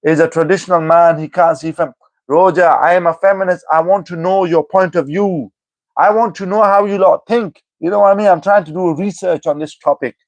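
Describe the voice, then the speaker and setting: A man's voice: high-pitched, fairly even intonation, fairly quick, no echo. A man live-streaming and replying to chat comments, teasing the viewers and calling them by name over and over. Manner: teasing, repeats commenters' names, keeps saying "you know what I mean".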